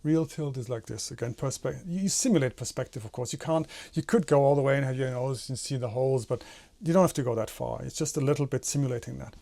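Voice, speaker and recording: A man's voice: mid-range voice, quick pace, vocal fry, mellow. A man teaching animation in a tutorial, explaining step by step and demonstrating with his own head and hands. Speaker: animation instructor.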